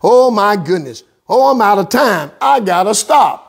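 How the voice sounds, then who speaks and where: A woman pastor preaching a sermon in a rhythmic, repetitive style that builds to shouts, using informal dialect phrasing. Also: medium pitch, expressive, unhurried, creaky, a little hiss or hum.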